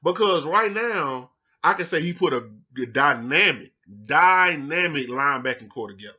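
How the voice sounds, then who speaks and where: A man hosting a sports show in a casual rant, heated and profane, swinging from low mutters to loud outbursts. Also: animated, moderate pace, husky, muffled recording.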